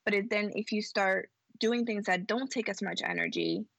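A woman's voice: medium pitch, normal speed, a bit bright, breathy edge, no echo. A woman entrepreneur talking casually as a podcast guest, rambling and reflective, often acting out her own past thoughts.

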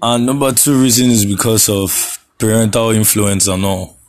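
A man's voice: lowish voice, moderate pace. A young Nigerian man hosting a casual solo podcast, laid-back, laughing often and slipping into Pidgin phrases. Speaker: podcast host.

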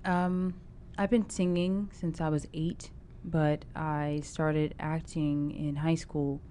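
Low-voiced woman chatting as a guest. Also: flat delivery, slow, dark tone, slight background noise. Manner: chatty, with many fillers and restarts. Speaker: actor guest. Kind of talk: casual interview chat.

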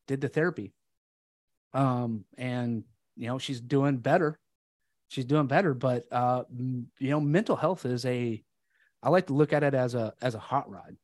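A man's voice: medium pitch, a little mellow, no room sound. A man guesting on a podcast, telling his story in a candid, earnest way and acting out the dialogue. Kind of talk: casual storytelling conversation.

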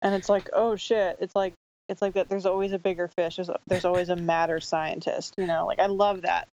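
A woman's voice: on the low side, little pitch movement, brisk, a little mellow. A woman co-hosting a podcast, joking sarcastically and swearing freely while discussing a film. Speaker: podcast co-host. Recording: dull, dry sound.

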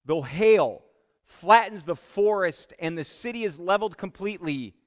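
A man preaching a sermon as pastor, slow and emphatic, dropping to a hush on key words. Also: high voice, expressive. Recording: long hall reverb.

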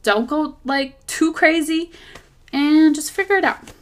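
A woman hosting a podcast, chatting casually about faith and dating in a rambling, animated way, recorded as a phone voice memo. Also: sits high, measured pace. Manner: rambling and animated, drifting off topic, lots of fillers. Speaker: podcast host.

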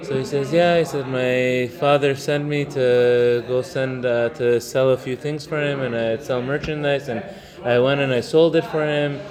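Male teacher for a casual religious class, mid-pitched, storytelling, with listeners audible in the room. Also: fairly even intonation, crowd noise. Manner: conversational, mixes Hebrew terms, halting fillers. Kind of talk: informal religious lesson with storytelling.

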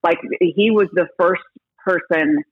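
A woman who reports on baseball broadcasts, chatting in an interview as an animated storyteller who restarts her sentences a lot. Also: fairly low pitch, a little slow, breathy edge, dry recording, narrow, tinny audio. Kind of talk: casual interview talk.

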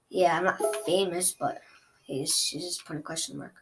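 A young woman commenting live on her own gameplay, chatty and excitable, trash-talking her opponent. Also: lowish voice, normal speed, a little hiss or hum. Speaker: gaming streamer.

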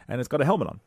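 A man doing a rambling comic monologue into a close microphone, wry and self-interrupting, with sudden loud outbursts. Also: medium pitch, creaky, breathy edge, no echo. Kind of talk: comedic podcast monologue. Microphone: close studio microphone.

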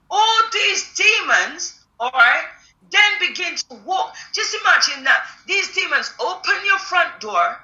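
High, bright-voiced woman preaching emphatically. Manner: emphatic, breaks into shouts, acts out demons and believers in quoted voices. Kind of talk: sermon. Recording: echoey room.

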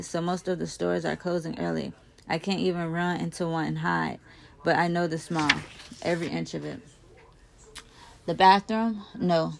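A woman reads a first-person novel aloud, her voice low-pitched and full of gravelly fry. She reads expressively, getting louder when the characters shout. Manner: emotive, raises volume for shouted lines. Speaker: audiobook reader.

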